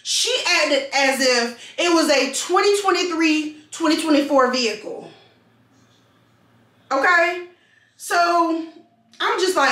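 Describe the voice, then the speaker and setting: A woman vlogger telling a storytime to her viewers in an animated way, repeating phrases for emphasis. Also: very high-pitched, takes it slowly, pauses often, distant mic. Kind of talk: storytime vlog. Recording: roomy sound, mic set back.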